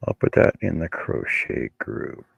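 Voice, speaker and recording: A man co-hosting a casual chat, explaining haltingly and repeating words. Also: no echo, highs cut off. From Canada. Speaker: livestream co-host.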